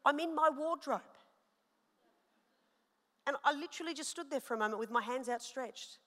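Bright-voiced woman pastor preaching in a hall. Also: high voice, normal speed. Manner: animated, personal storytelling with rising emphasis. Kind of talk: sermon. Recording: long hall reverb.

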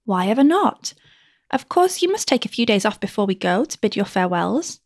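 Woman reader voicing a chattering, pleading young mistress; gravelly texture, close and dry. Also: mid-range voice, big pitch swings, fairly quick, a little mellow, dry recording. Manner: gushing, pleading, rising.

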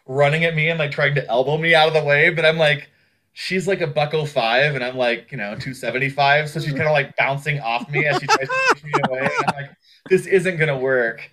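Animated man telling a story, raised voice. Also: on the high side, fast talker, slight background noise. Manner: animated, acts out other people's words; frank, swears freely. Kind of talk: casual storytelling.

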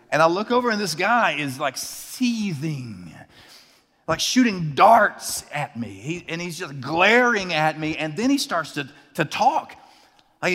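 Animated preacher in a reverberant hall. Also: male voice, fairly high pitch. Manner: animated, acts out characters in his story. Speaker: pastor. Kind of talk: sermon with personal storytelling.

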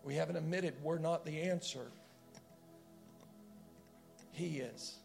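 A man preaching a sermon in a prayer room, passionate and conversational, swinging from loud to hushed. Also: a little high, slow, vocal fry, faint music behind.

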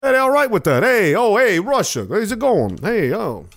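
A man doing a loud, boisterous Italian-American mobster. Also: high voice, very animated, normal speed, voice pushed up, exaggerated voice. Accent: put-on Italian-American. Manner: boisterous, back-slapping, repeats "hey, oh".

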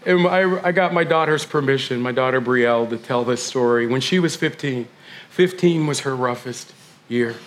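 A male pastor in his forties preaching a sermon, conversational and animated, swinging from hushed moments to loud ones. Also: on the high side.

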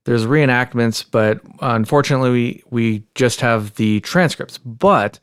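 A man's voice: medium pitch, unhurried, clear, resonant tone, no room sound, studio quality. Chatty male podcast host. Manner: chatty, joking, addresses listeners. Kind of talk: casual podcast chat.

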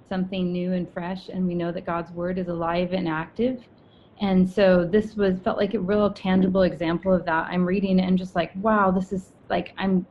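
A woman talks through a devotional in an earnest, reflective way, often restarting her sentences. The sound is dull and lo-fi, like a video call, with a faint rumble underneath. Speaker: church member sharing a devotional. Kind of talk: informal devotional talk. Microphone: video call mic.

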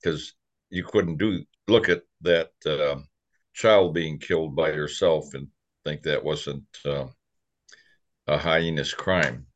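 A man in a spiritual study group, quickly agreeing and talking in loose phrases. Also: very deep voice, steady tone. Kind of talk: casual group discussion.

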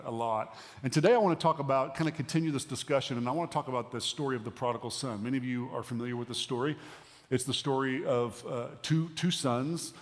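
A man giving a sermon as a pastor, conversational with pauses and emphatic rises. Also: medium pitch. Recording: long hall reverb.

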